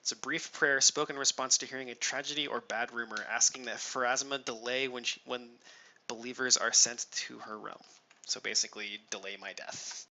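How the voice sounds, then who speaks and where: Bright-voiced man running a tabletop game. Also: mid-range voice, steady tone, fairly quick, poor audio. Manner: explains rules and lore at length, with many ums. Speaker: game master.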